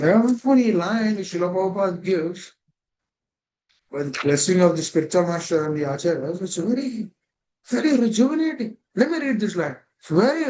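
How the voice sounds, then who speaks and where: A man's voice: sits high, mellow, slight background noise, poor audio. A man gives a devotional scripture class over a video call. He keeps asking rhetorical questions and linking ideas with "that means.".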